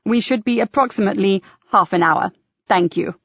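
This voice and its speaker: A woman's voice: medium pitch, moderate pace, creaky, fairly bright tone, slightly rough, no room sound, muffled recording. A woman voicing a theatrical male church tour guide in an audiobook, with polished, showman-like patter. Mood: genial.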